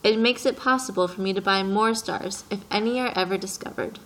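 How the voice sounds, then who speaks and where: A woman's voice: mid-range voice, a little fast, a bit bright, slight background noise, natural voice, low-quality recording. A woman reading as a pompous, peevish businessman. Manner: self-important, fussy and precise. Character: pompous middle-aged male businessman, peevish. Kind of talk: audiobook reading.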